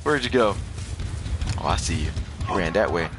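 A male gaming channel host gives excited live commentary on his gameplay, trash-talking opponents and laughing a lot. His voice sits low, his pace is moderate, and loud music plays behind him.

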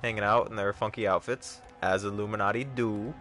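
A man's voice: fairly low pitch, fairly even intonation, a little fast, fairly bright tone, soft background music. A man giving casual, joking commentary on a gaming livestream, chatting with viewers. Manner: chatty, joking, talks to chat. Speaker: streamer.

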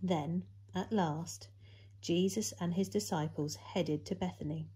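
A woman storyteller in children's church reads a Bible story to kids in a low, husky voice at a slow pace. She is expressive, using big leaps in pitch and loudness for emphasis.

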